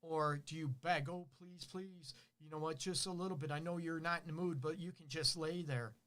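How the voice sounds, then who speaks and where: A middle-aged man giving relationship advice on his own show. His talk is casual and lively, full of rhetorical questions and little acted-out lines from couples. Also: a little high, a little fast. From Detroit. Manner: animated, asks rhetorical questions, acts out partners' lines. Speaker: relationship counselor hosting a show.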